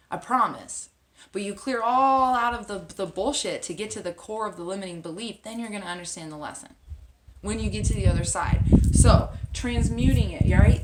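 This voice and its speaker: Blunt, profane woman coach in an echoey room. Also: mid-range voice. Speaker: spiritual coach and healer. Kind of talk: casual self-help talk to camera. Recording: echoey room with loud background noise.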